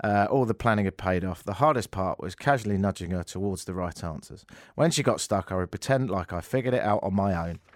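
A man's voice: low-pitched, a little fast, no echo, studio quality. A man hosting a comedy show, reading a news story aloud with sarcastic, mocking asides. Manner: sarcastic, mocking, jumps between shouty and muttered asides.

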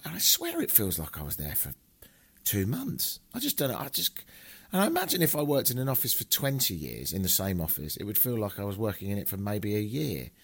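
A man's voice: gravelly, husky. A man from England hosting a travel podcast, talking casually and cheerfully swearing as he rambles. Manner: chatty and swearing, with big swings in pitch.

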